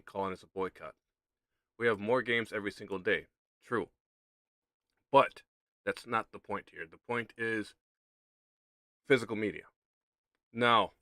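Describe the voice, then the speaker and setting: A man hosts a casual gaming livestream, chatting straight to his viewers. His voice sits a bit low but sounds bright and forward. He keeps restating his point with easy, conversational emphasis. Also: smooth, no echo. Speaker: streamer.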